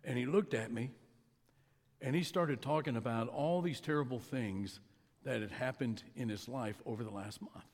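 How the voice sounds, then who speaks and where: Man preaching in a reverberant hall. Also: mid-range voice. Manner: storytelling, conversational with pauses. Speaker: pastor. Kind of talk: sermon. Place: church sanctuary. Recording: long reverb of a large hall.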